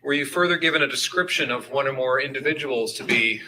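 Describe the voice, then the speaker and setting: A man questioning a witness in court in a measured, formal way. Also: mid-range voice, sharp tone, low-quality recording. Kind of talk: courtroom examination.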